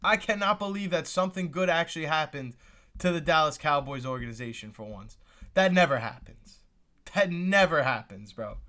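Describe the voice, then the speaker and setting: A man's voice: on the high side, lively intonation, normal speed, bright, forceful tone. A young man hosting a live reaction stream, exclaiming and repeating himself as he talks to his chat. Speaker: livestream host reacting to the draft.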